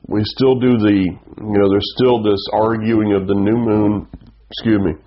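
A man's voice: lowish voice, steady tone, a little slow. A man with a Southern US accent preaching a sermon, teaching earnestly and often restarting his sentences. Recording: dull lo-fi sound.

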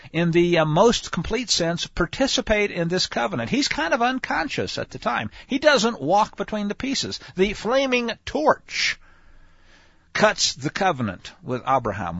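A man teaching scripture in a conversational way, animated and speaking straight to his listeners. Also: sits high, no echo. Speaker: Bible teacher. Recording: dull lo-fi, dry sound.

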